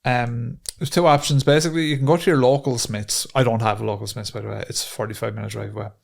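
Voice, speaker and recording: A man's voice: mid-range voice, fairly even intonation, quick pace, creaky. Irish man, podcast co-host, swearing, ranting, casual storytelling. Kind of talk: casual chat.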